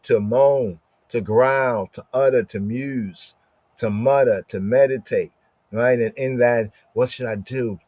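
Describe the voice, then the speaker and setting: A man's voice: mid-range voice, darkish tone, no room sound. A man teaching the Torah and Psalms in a morning study, repeating Hebrew words over and over and acting out the muttering of someone talking to himself. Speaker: Bible teacher. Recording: dull dry lo-fi sound.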